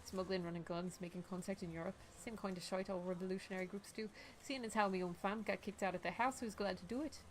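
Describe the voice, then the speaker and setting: A woman's voice: mid-range voice, fairly even intonation, quick pace, hardly any pauses, a little hiss or hum, lightly acted. A woman voicing a tough, brash female mercenary with a shotgun, putting on a swaggering, blunt accent. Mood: gruff storytelling.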